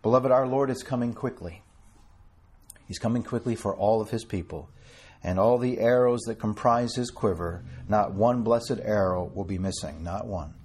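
A man preaching an earnest sermon to a small congregation, quoting scripture and slowing down to stress key words. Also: fairly low pitch, darkish tone, husky. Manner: quotes King James scripture with a chuckle between.

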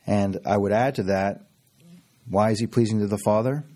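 A man's voice: on the low side, fairly even intonation, moderate pace, dark tone. A middle-aged man preaching a sermon fervently, repeating phrases and laughing often. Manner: fervent, with frequent laughs and repetition.

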